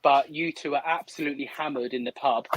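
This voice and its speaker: A man's voice: medium pitch, steady tone, a little fast, slight background noise, poor audio. A man hosting a live selling stream, chatting casually and teasing his guests. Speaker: livestream host. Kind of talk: casual livestream chat.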